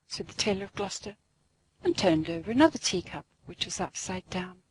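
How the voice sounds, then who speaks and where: A woman narrating a classic storybook aloud in an expressive, sing-song way. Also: fairly low pitch, a little fast, husky, poor audio.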